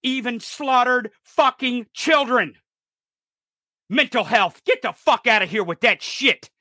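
An enraged man in his thirties from rural America tears into a profane political rant, shouting much of it. His voice sits high and sounds sharp and bright. The recording is dry and close, with no room sound. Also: a little slow, no echo. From rural United States.

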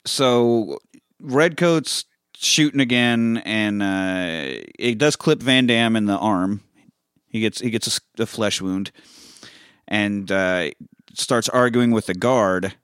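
A man's voice: fairly low pitch, takes it slowly, fairly bright tone, smooth, no echo, clean studio sound. A man hosting a podcast, casually retelling a movie's plot with frequent laughter and swearing. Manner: loose, profane, laughs often mid-sentence. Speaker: podcast host. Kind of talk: casual movie recap chat.

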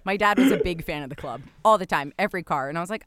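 Lively, laughing woman podcast co-host. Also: on the low side, racing, no room sound, studio quality. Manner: animated, laughs often, mimics voices in quotes. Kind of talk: casual chat.

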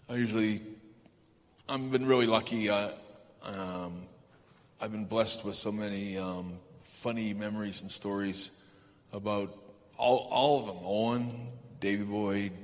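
A man being interviewed on a live stage, telling anecdotes in a rambling, halting way with lots of fillers and chuckles. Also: on the low side. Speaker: guest. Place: large event hall stage. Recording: reverberant hall, faint ambience.

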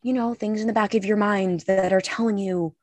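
A woman's voice: medium pitch, steady tone, fairly quick, a little mellow, no echo. A young woman talks on a podcast in a blunt, emphatic way, swearing freely as she gives advice. Her voice sits in a middle range and comes through close and dry, with no room sound around it. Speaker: podcast co-host. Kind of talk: casual podcast chat.

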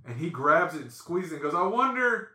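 A bright-voiced man spins a funny story on a casual podcast, jumping into animated voices for the people in it. His voice sits a bit high and carries with a ringing edge. The room around him has a clear echo. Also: quick pace. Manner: animated, acts out quotes with lively voices. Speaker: podcast host.

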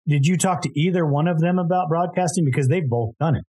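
A curious interviewer with a warm, mellow and slightly husky voice. The questions come casually, with small stumbles at the start. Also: medium pitch, fast.

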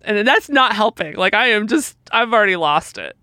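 A woman recounts a painful memory on a podcast, slipping into the voices of the people in it as she goes. Her voice is bright and forward, caught close to the mic with no room around it. She sits in an ordinary middle pitch. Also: animated, normal speed, no room sound. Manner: emotional, vivid retelling with quoted dialogue. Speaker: podcast co-host. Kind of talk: personal storytelling.

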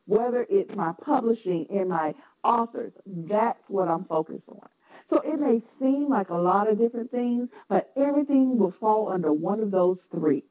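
Southern woman guest, husky phone-line sound. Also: medium pitch. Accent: Southern US, North Carolina. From North Carolina, US. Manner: earnest and affirming, frequent laughs and restarts. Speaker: guest, educator and entrepreneur. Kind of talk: podcast interview, casual.

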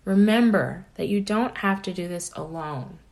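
A woman's voice: fairly low pitch, lively intonation, moderate pace, vocal fry, darkish tone. A woman life coach giving an earnest, encouraging motivational talk, often checking in with "right?".

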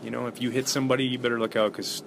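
A middle-aged man, a former ballplayer, telling stories in a relaxed interview with lots of fillers and restarts. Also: medium pitch, racing, vocal fry, noisy background. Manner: animated anecdotes with many fillers and restarts. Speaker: former baseball player, guest.

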